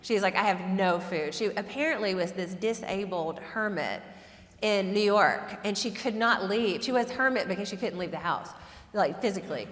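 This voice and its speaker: A woman telling a personal story in a relaxed, self-deprecating lecture style, laughing often. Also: medium pitch, normal speed. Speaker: guest lecturer and author. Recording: echoey hall reverb.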